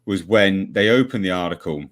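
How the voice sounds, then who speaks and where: A man's voice: sits low, moderate pace. A man giving blunt, sweary, sarcastic livestream commentary as a regular panelist.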